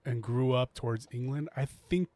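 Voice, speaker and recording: A man's voice: medium pitch, normal speed, mellow, no room sound. A young man co-hosting a podcast, chatting casually about a film and laughing easily as he talks. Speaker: podcast co-host.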